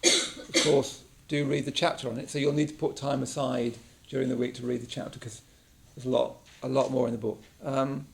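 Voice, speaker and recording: A man's voice: mid-range voice, flat delivery, brisk, vocal fry. A man teaching a mindfulness class in a casual, conversational way, often checking in with the group. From England. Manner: conversational, checks in with frequent "yeah?". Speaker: meditation teacher. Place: meditation class room.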